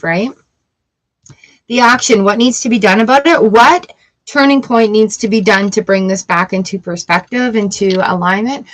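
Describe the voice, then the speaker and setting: Chatty woman reading tarot cards. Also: a little high. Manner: chatty, swearing, playful outbursts. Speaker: tarot reader.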